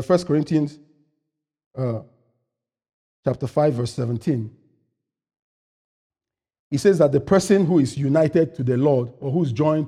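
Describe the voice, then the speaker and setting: A man preaching a sermon as pastor, asking the congregation questions and answering them himself, swinging from loud, high-pitched preaching to quiet asides.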